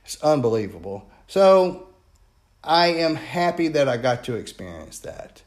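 A man with a Louisiana accent, a paranormal investigator telling a story in a chatty, animated way with many fillers. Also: medium pitch, a little slow. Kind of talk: casual storytelling.

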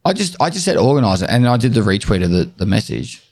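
A man co-hosting a casual podcast, telling animated stories and swearing freely. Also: mid-range voice, fast talker, slightly rough. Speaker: podcast co-host.

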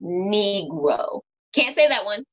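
A woman's voice: a little high, animated, moderate pace, pushed and bright, no room sound. A woman in a casual chat on a video call, chiming in with teasing quips and laughing often. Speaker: conversation partner. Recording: muffled video-call audio.

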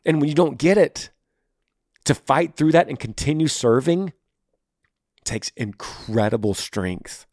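A man hosting a podcast, giving earnest, emphatic relationship advice and often dropping to a soft, quiet voice. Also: fairly high pitch, animated, measured pace, long pauses, no room sound, studio quality. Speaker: podcast host. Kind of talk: advice monologue.

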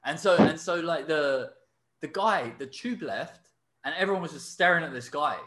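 A man's voice: on the high side, normal speed, reverberant. A man hosting a podcast, telling a story casually with lots of fillers. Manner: animated storyteller, many fillers and laughs. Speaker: podcast host. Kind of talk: casual chat.

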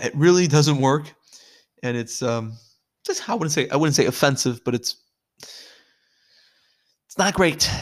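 A man giving a casual spoken film review, blunt and profane, restarting sentences and filling gaps with "um" and "like". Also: mid-range voice. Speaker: movie reviewer.

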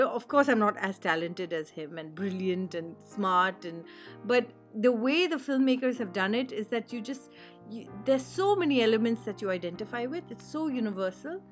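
A woman giving a casual spoken film review, earnest and reflective, with warm enthusiasm for what moved her. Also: mid-range voice.

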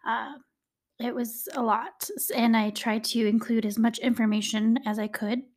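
A woman's voice: on the high side, flat delivery, moderate pace, a little mellow. A woman hosting a true crime podcast, telling the case in a chatty, conversational way with dramatic emphasis. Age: adult, a parent. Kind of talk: casual true-crime storytelling.

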